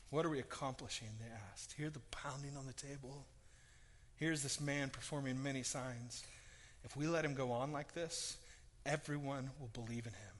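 A man preaching a sermon in an animated, conversational way, with a pastor's storytelling manner. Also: high-pitched. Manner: animated, conversational, acts out voices. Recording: long reverb of a large hall.

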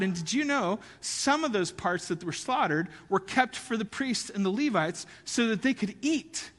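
A man's voice: sits high, bright, forceful tone, in a large hall. A man preaching a sermon as pastor, conversational and often asking the audience questions.

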